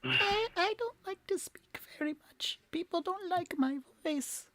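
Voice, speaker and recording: Guy doing a shy little whispery voice, way up high, dry mic. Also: measured pace, sharp tone, no room sound, exaggerated voice. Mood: timid. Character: timid male character who hates his own voice.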